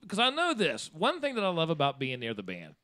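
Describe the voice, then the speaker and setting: A man's voice: on the high side, a little fast. A man hosting a casual family podcast, telling stories and acting out what people said. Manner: animated storyteller, acts out quotes. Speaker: podcast host.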